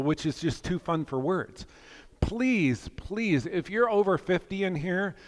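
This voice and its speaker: Man in his fifties preaching in a reverberant hall. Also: a little high. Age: 50s. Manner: animated, jokey and earnest, swinging from loud urging to quiet reflection. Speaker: pastor. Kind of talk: sermon.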